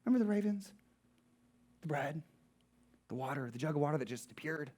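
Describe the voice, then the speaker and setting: A man's voice: a little high, lively intonation, a little fast, a little mellow, pitched above the performer's own voice. A male pastor voicing an impatient, reproachful God who fires off scolding questions. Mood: exasperated.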